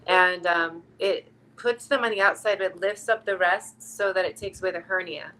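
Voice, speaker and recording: A woman's voice: lowish voice, fairly even intonation, moderate pace, pushed and bright, rough recording. A woman chatting frankly and bluntly in a casual conversation. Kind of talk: casual chat.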